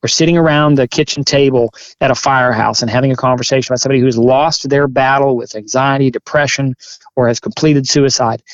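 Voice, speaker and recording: A man who is a firefighter and chaplain, telling his story candidly in an interview, earnest and halting, growing emphatic. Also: medium pitch, no echo, muffled recording. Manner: earnest, halting restarts, grows forceful and emphatic.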